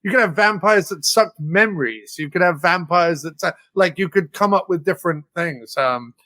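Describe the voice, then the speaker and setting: A man's voice: high-pitched, moderate pace, pushed and bright, dry recording. A man talking casually as a podcast guest, thoughtful and enthusiastic, with plenty of fillers. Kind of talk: casual film discussion.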